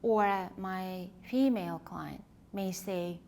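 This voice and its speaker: A woman leadership coach and author, speaking as an interview guest in a thoughtful, heartfelt way, often pausing to search for words. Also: fairly low pitch, gravelly, a little mellow, a little hiss or hum. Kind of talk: reflective conversational interview.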